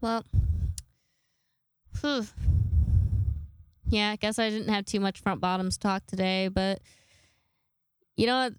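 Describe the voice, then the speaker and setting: Young woman, solo podcast host, congested, rambly and self-mocking, smooth clear tone in a dry close sound. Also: medium pitch, steady tone, slow, pauses often, dry recording. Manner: rambling, self-deprecating, swears casually. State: congested from a sinus infection. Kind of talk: casual solo podcast monologue.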